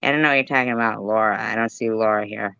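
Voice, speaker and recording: A woman's voice: extremely low pitch, steady tone, fast, creaky, bright, forceful tone, clear, resonant tone, dry recording, highs cut off. A woman livestreaming and reading chat aloud, ranting furiously with a stream of profane insults. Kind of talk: angry livestream rant.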